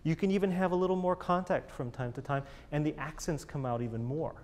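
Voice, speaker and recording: A man's voice: on the high side, brisk, a little mellow. A man teaching a chamber music master class, encouraging the players and singing phrases in scat syllables. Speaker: bass teacher coaching a chamber group.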